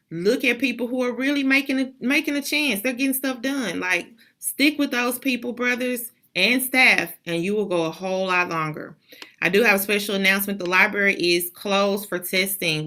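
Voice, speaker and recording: A woman's voice: lowish voice, sharp tone. A woman school principal giving a motivational address to students and staff over a video call, emphatic and repetitive like a preacher.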